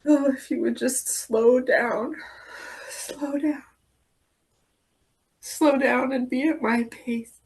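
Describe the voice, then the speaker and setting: A woman client in a coaching session, speaking in a halting, emotional way and slipping into whispers. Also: high-pitched, fairly even intonation, darkish tone, husky. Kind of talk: therapeutic affirmation exercise.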